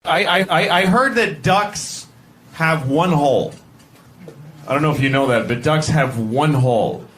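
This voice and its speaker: A man doing a stand-up comedy set, rambling and breaking off mid-sentence, acting out characters with sudden shouts. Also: a little high, unhurried. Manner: rambling, self-interrupting, acts out characters with shouts. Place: comedy club stage with audience. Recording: noisy live club recording.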